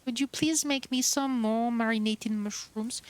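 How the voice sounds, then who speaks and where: A woman's voice: on the high side, steady tone, a little slow, smooth. A young woman streamer chatting casually while playing, bubbly and cooing over cute creatures. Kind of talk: casual gameplay commentary.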